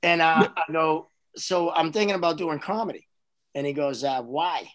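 A comedian, telling stories in casual chat with frequent restarts. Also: male voice, fairly high pitch, moderate pace. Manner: rambling, animated storyteller with restarts. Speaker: comedian host.

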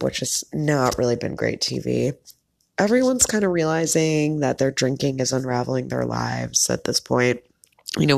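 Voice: medium pitch, vocal fry. A podcast host talking casually on their own, chatty and opinionated, with lots of filler words. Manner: opinionated, candid. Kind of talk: casual solo commentary.

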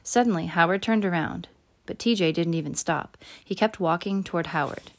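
A woman with a lower, unhurried voice reads a first-person children's story aloud. She narrates steadily and lifts her voice brightly whenever a character speaks. Her storytelling is plain and clear. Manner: voices characters with raised pitch and louder quotes. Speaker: audiobook narrator.

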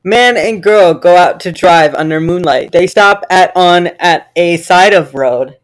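A man's voice: high-pitched, normal speed. A man co-hosting a podcast, chatting casually and reading silly stories aloud, often cracking up as he reads. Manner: breaks into laughter while reading. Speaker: podcast co-host.

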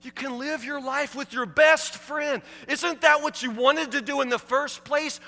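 A male pastor delivers a sermon in a strikingly high, bright voice. He hammers at his listeners with repeated rhetorical questions. His words ring out with a long reverb, as in a large church sanctuary. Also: fairly even intonation, measured pace. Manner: emphatic, repetitive rhetorical questions.

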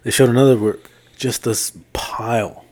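This man's voice is mid-range and darkish, with fairly even intonation and a moderate pace. As co-host of a casual podcast, he retells a story in detail, quoting people himself.

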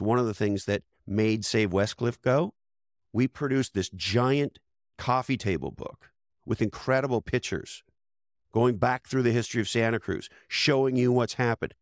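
A man's voice: mid-range voice, no echo, studio quality. A man speaking as a podcast guest, emphatic and persuasive, driving his points with punchy rhetorical questions. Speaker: podcast guest, category design expert. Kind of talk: energetic interview talk.

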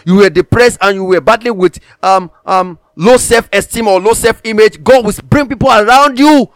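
A man's voice: high-pitched, normal speed, no echo, clean studio sound. A man preaching a sermon, emphatic, repeating phrases for stress and reading scripture aloud in old-fashioned wording.

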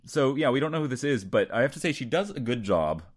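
A man's voice: mid-range voice, very animated, fast talker. A man co-hosting a podcast, chatting casually, joking and laughing often, with frequent restarts. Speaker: podcast co-host. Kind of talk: casual chat.

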